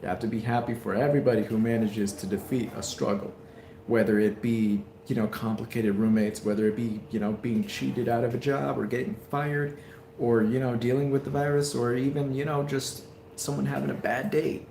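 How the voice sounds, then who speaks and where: Rambling man with a gravelly voice. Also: mid-range voice, flat delivery, fairly quick, warm tone, reverberant, slight background noise. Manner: rambling, heartfelt, many fillers. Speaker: streamer. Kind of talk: casual live stream chat. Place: hospital room.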